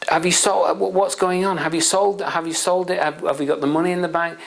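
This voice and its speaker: A guy doing a panicky older dad, voice jumps way up high and gets loud, gravelly edge, keeps repeating himself. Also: little pitch movement, fairly quick. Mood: panicked. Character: panicking older father, frantic and breathless.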